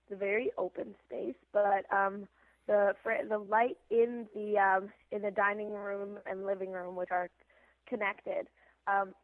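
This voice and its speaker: A young actress talks on a podcast with a gravelly edge to her mid-range voice. She rambles, full of "like" and "um". The sound is tinny and dry, as over a phone line. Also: mid-range voice, little pitch movement, unhurried, no echo. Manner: rambling, lots of fillers and likes. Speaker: actress guest. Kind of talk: casual podcast interview.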